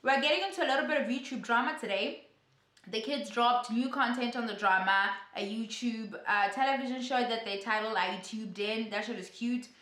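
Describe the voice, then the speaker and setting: Sassy, bright-voiced woman vlogger. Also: a little high, normal speed, roomy sound. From South Africa. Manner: chatty, animated and sassy storytelling. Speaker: YouTuber. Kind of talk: casual gossip vlog commentary.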